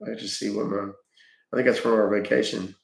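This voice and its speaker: A man's voice: fairly low pitch, steady tone, fairly quick, gravelly, reverberant. A man hosting a casual livestream, chatting with his viewers and answering their questions with easygoing fillers. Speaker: livestream host reading chat. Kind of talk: casual chat.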